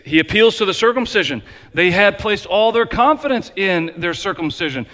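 A man preaching a sermon as pastor, emphatic and repetitive, swinging between loud declarations and quiet low passages. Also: animated, moderate pace, hardly any pauses. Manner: emphatic preaching with repeated phrases, varying loud and soft. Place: church sanctuary. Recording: long hall reverb.

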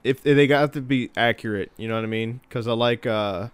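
A man's voice: mid-range voice, a little fast, clear, resonant tone, no room sound. A laid-back man in a casual group chat who offers facts and swears casually.

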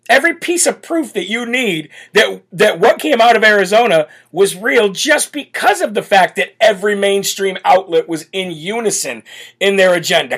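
A man hosting a political talk show, talking in a brash, blunt and forceful way, often repeating himself for emphasis. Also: high-pitched, very animated, a little fast, husky. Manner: repetitive, emphatic restarts. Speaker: host.

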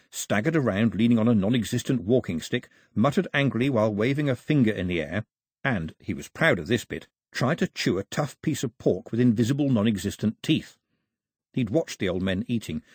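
A man narrating an audiobook in an expressive, storytelling manner on a close studio mic. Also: lowish voice, slightly rough, no room sound. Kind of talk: scripted narration.

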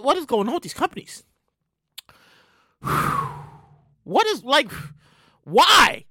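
A woman hosting her own show, ranting in a loud, profane, animated way with sudden shouted bursts. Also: very high voice, no echo, clean studio sound. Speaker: show host. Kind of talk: solo comedic rant.

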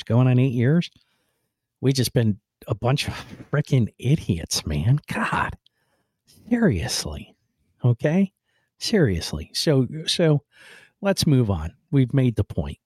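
This podcast host speaks at a medium pitch, slightly mellow with a breathy edge. He rambles bluntly through his opinions, swearing offhandedly before apologizing, and leans on "man" and "right?" throughout. The recording is dry and clean, studio-style.

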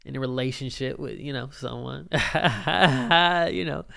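A man's voice: medium pitch, steady tone, brisk, vocal fry, clear, resonant tone. A young man hosting his own podcast, rambling casually and swearing freely as he talks into a microphone. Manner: rambling, profane and laid-back, often laughing. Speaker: podcast host. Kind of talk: casual solo podcast monologue.

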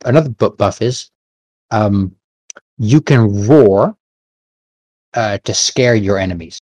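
A man running a tabletop game as game master, patiently explaining the rules with many pauses and fillers. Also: fairly low pitch, a little mellow, no echo.

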